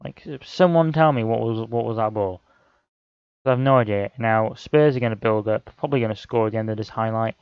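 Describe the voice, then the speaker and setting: A man's voice: lowish voice, fairly quick, clear, resonant tone, dry recording, lo-fi sound. A young man commentating on a football management game, often frustrated and exclaiming at the action. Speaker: gaming channel host.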